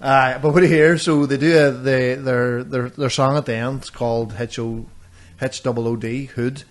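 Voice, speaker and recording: A man, co-hosting a podcast and telling rambling, animated stories in casual chat. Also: mid-range voice, normal speed. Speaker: podcast co-host. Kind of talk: casual storytelling.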